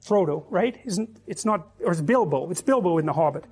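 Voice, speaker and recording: A man's voice: sits high, lively intonation, a little fast, a little mellow, slightly rough. A man giving a reflective, lecture-style explanation, searching for words as he builds his point. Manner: thoughtful, searching, repeats words while building ideas. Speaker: psychology lecturer. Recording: with faint music underneath.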